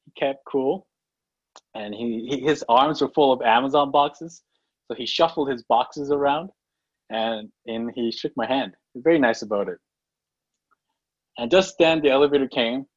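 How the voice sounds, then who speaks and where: A pastor telling a self-mocking story in a sermon, with many fillers and restarts. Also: male voice, mid-range voice, breathy edge, dry recording. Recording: dull lo-fi recording.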